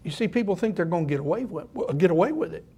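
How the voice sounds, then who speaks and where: An older pastor delivers a sermon in a notably high voice. He talks to the congregation casually, then reads scripture with rising emphasis. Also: animated, quick pace, mellow, slightly rough. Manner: conversational preaching that swells into emphatic scripture reading.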